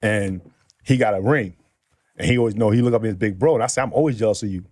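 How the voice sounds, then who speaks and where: A middle-aged man from New City, telling animated stories in casual chat and acting out other people's lines with lots of laughter. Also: on the low side, fast talker, no echo, clean studio sound. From New York City. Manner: animated storyteller acting out quotes, laughs often. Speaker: podcast guest.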